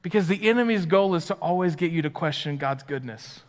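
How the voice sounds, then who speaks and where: A man preaching a live sermon as pastor. His delivery swings from loud, excited stretches down to hushed, quiet ones. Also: fairly high pitch, fairly quick. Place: church sanctuary. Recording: live church hall with long reverb.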